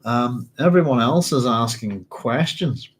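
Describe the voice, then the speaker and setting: A man's voice: medium pitch, animated, measured pace, poor audio. A man hosting a book club at home, reading a novel aloud and musing over it in a rambling, self-correcting way.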